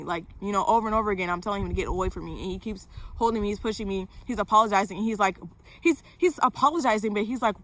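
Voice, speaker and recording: A woman's voice: mid-range voice, fast, a bit bright. A young woman vlogger telling a personal story to camera, candid, with lots of fillers and swearing.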